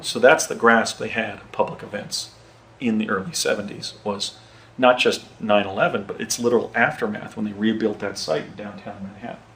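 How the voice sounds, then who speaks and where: A man in his fifties telling a personal story in casual speech, halting and often repeating words. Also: on the low side, fairly even intonation, fairly bright tone, slight background noise, low-quality recording.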